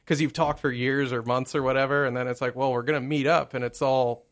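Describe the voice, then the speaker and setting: A man's voice: medium pitch, fairly even intonation, fairly quick. A man from the United States hosting a podcast, rambling and cracking crude jokes in casual chat. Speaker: podcast host.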